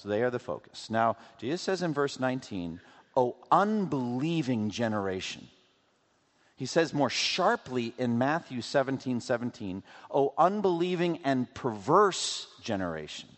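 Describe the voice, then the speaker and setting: A man preaching a sermon as pastor, asking rhetorical questions and acting out quotes in an animated way. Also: mid-range voice. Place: church sanctuary. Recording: long hall reverb.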